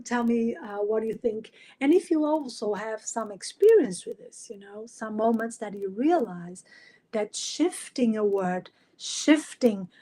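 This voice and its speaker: Woman in her late 40s, coach chatting on a live podcast, kinda high voice, lots of ums and restarts, laughs a lot. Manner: warm, chatty, with frequent fillers and restarts; laughs often while telling stories. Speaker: life coach.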